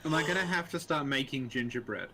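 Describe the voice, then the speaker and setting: A man's voice: medium pitch, fast, bright, forceful tone, slight background noise. A man co-hosting a casual live-stream Q&A, rambling and hesitant with dry humor, greeting viewers as he goes. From Australia.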